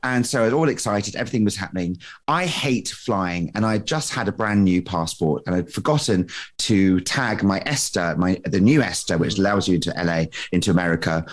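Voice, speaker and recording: A man being interviewed as a guest, telling a story in an excitable, breathless way and laughing often. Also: low-pitched, brisk, hardly any pauses. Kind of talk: animated anecdote telling.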